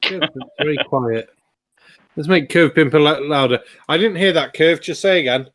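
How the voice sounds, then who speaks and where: High-voiced sweary English man, dry sound. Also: moderate pace, fairly bright tone, no room sound. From England. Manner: sweary, exasperated banter. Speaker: host. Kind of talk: casual chat.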